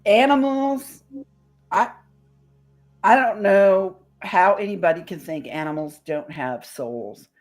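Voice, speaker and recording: A woman chats casually on a streamed show, telling stories with a bit of mild swearing. She speaks slowly in a medium-pitched, slightly mellow voice, with faint music in the background.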